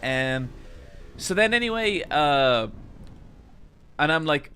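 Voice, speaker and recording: A man streamer telling a long anecdote to his chat, animated and casually swearing as he rambles. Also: fairly high pitch, a little slow, long pauses, clean tone, faint music behind.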